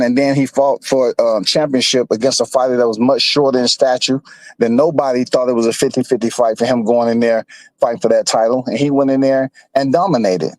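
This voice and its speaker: A man's voice: mid-range voice, darkish tone, no room sound, rough recording. A man on a boxing talk panel, speaking in a drawling, repetitive way as he argues his point. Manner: drawling, repeats himself when cut off. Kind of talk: heated casual debate.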